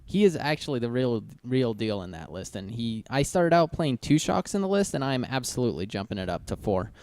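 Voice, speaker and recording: A man co-hosting a casual podcast, explaining in a relaxed way with fillers. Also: mid-range voice, fairly quick.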